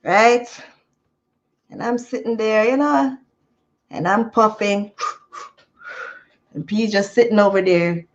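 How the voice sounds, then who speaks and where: Unhurried woman, lo-fi sound. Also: medium pitch. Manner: chatty, rambling, laughs easily. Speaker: vlogger. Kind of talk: casual storytelling to a live chat.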